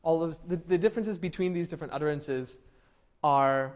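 A man's voice: fairly high pitch, brisk, darkish tone. A man giving a classroom lecture, conversational, with frequent fillers and restarts, asking the class questions. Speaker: university lecturer.

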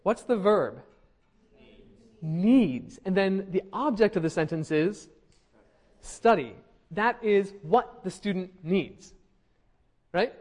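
A man's voice: high voice, lively intonation, slow, long pauses, darkish tone. A young man teaching a linguistics class, explaining patiently and often checking in with students, with frequent ums. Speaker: linguistics instructor. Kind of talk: classroom lecture.

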